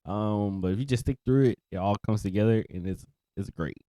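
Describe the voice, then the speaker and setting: Young guy cohosting a podcast, kinda low voice, rambles and laughs a lot, dry close mic. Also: brisk, dark tone, no echo. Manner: laid-back, laughs often, trails off and restarts. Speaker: podcast co-host. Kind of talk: casual chat.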